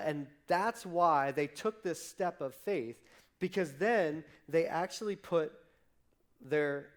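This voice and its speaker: A male pastor giving a sermon, telling the story lively and acting out the characters' lines, with frequent restarts. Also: on the high side. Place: church livestream.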